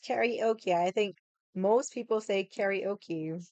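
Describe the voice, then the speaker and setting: Chatty woman with a smooth clear voice. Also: mid-range voice, slow, dry recording, lo-fi sound. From United States. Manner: chatty and animated, laughs often, swears casually. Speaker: livestream host. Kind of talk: casual chat.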